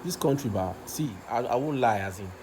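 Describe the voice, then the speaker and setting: Nigerian man, vlog rant, fired-up and repetitive, average pitch, faint background hiss. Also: expressive, brisk. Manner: impassioned, repeats himself, stumbles over words. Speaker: vlogger. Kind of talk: passionate rant to camera.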